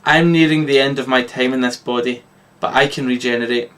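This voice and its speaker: A man's voice: medium pitch, steady tone, a little fast, fairly bright tone, distant mic, lightly acted. A man reading the lines of an eccentric male alien time traveller in a plain read-aloud way. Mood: chummy.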